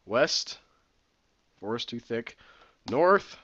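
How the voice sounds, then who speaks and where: A man's voice: medium pitch, very animated, drawn-out words, a bit bright, highs cut off. A man playing a text adventure, reading the game's text aloud and breaking off for sarcastic, puzzled asides. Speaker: let's-play gamer.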